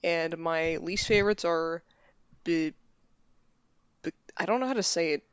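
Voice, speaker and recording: A young woman chats as a podcast guest, earnest and a bit rambling, her voice smooth and clear. The recording is a little dull and lo-fi. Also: on the low side, normal speed, no room sound. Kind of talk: casual podcast chat.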